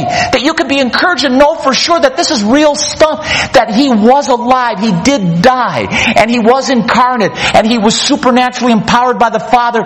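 A man preaching a sermon, teaching from the Bible in an emphatic, fired-up way. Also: very high-pitched.

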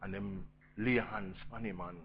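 A man with a Jamaican accent preaching a storytelling sermon, swinging between loud emphasis and hushed intensity. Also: on the low side, steady tone, normal speed, highs cut off, a little hiss or hum.

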